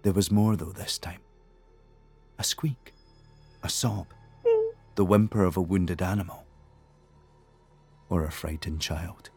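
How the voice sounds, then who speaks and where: A man narrating an audiobook thriller in a measured, tense storytelling manner. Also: low voice, steady tone, a little mellow, husky, faint music behind. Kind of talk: scripted narration.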